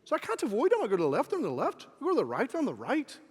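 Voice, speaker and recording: A man voicing a dead-serious drunk grown man who is pulled over while driving, pitched high and earnest, in a spoken joke. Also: huge pitch swings, rapid-fire, breathy edge, exaggerated voice. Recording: long reverb of an event hall.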